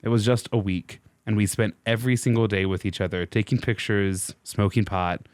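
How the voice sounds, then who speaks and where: A young American woman remembers her first love, read aloud by a man in his everyday voice. The voice is low for a woman's lines. It is close and dry. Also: steady tone, moderate pace, darkish tone, no echo, lightly acted. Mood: dreamy. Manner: reads quotes aloud in his own voice.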